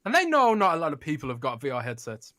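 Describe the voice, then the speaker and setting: A man with a bright, slightly high voice, co-hosting a gaming podcast in a jokey, easy-laughing way. His sentences often trail off quietly, on a dry, close recording. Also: wildly swooping pitch, fast, dry recording. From United Kingdom. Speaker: podcast co-host, games writer. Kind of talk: casual podcast chat.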